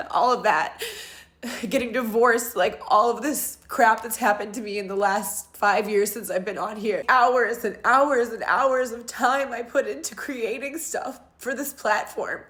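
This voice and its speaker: A woman creator vents into her phone camera in an earnest, frank personal vlog. There is a bitter edge in how she talks. Her voice sits high. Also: a bit bright. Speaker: content creator.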